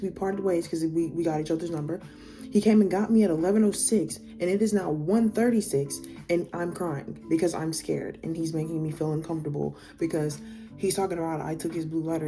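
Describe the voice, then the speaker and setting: A young woman telling a personal story in a casual storytime, rambling with lots of fillers and swearing, her voice climbing when she gets worked up. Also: fairly low pitch.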